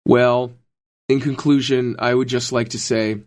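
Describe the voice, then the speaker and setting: A man's voice: medium pitch, flat delivery, a little slow, darkish tone. A man co-hosting a podcast in casual chat, with a dry, joking delivery. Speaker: podcast co-host.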